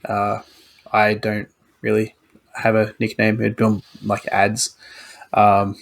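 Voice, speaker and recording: An Australian man co-hosting a podcast, explaining slang in a relaxed, chatty way. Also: on the low side, slow pace. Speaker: podcast co-host. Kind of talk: casual chat.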